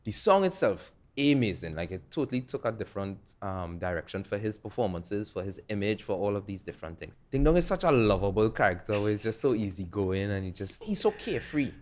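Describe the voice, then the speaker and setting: Laid-back man, lowish voice. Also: very animated, brisk, hardly any pauses, a little mellow. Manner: laid-back storytelling, laughs often. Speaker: music producer, podcast guest. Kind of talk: casual interview chat.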